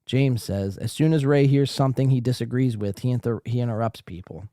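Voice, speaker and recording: A man with a medium-pitched voice speaks fairly quickly as host of a reaction podcast. His casual commentary is excitable, ranting, and full of swearing. The studio-quality recording has no room sound.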